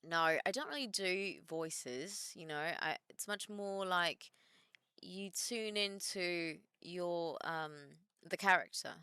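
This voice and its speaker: A woman in her thirties chats on a live stream, answering viewer comments as they come in. Her voice sits a little low yet sounds bright and crisp. The sound is close and dry, with no room around it. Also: slow, no room sound. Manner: chatty, reads viewer comments aloud and answers them. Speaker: streamer and wrestler. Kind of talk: casual live-stream chat.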